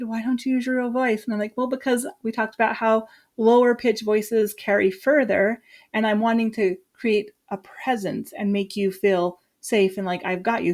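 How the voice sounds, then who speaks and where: A woman from Utah, a teacher, chatting casually and lively as she walks through her lesson plan with quick asides. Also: medium pitch. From Utah, USA.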